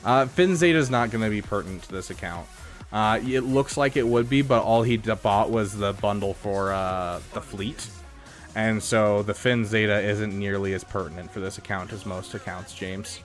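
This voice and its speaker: Over faint background music, a man with a fairly low voice comments casually on a live stream at a normal pace. He's a streamer reviewing game accounts, thinking aloud and using lots of fillers.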